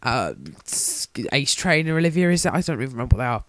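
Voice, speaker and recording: Jokey young gamer, dry sound. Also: male voice, medium pitch, expressive, fast, a bit bright, no room sound. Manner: jokey, self-mocking, rambling. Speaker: let's play commentator. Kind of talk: casual game commentary.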